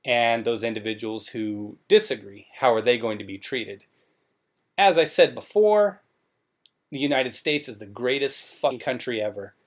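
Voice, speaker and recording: A man hosting a commentary show, talking in a sarcastic, mocking way. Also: mid-range voice.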